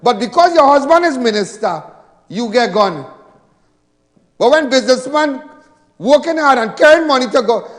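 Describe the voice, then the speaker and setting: High-voiced Trinidadian man at a rally. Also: big-room sound. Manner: emphatic, repetitive and mocking. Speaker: political rally speaker. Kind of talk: fiery political rally speech. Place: large multipurpose hall.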